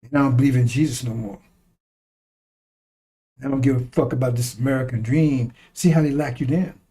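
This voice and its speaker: A man's voice: mid-range voice, steady tone, fairly quick, mellow, husky. A man giving a blunt, profane, preaching-style monologue, repeating lines for emphasis and chuckling between remarks. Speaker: online commentator.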